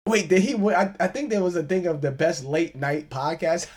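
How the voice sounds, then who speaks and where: A man hosting a solo podcast, ranting in an animated, profane way and laughing often. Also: high voice, moderate pace, breathy edge. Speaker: podcast host.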